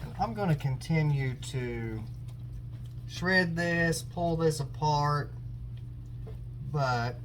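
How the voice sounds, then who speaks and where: A man hosting a casual barbecue cooking vlog, relaxed and chatty, thinking aloud with plenty of fillers. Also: on the high side, drawn-out words, pauses often, a little hiss or hum. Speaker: barbecue channel host.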